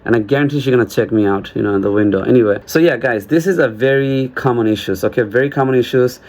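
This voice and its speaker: A man talks straight to his audience in a loose, rambling vlog. He jokes his way through his point, keeps restarting sentences and slips into quick acted-out exchanges. His voice sits at an ordinary middle pitch. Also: darkish tone. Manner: rambling, joking, acts out little dialogues. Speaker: vlogger. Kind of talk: casual monologue to camera.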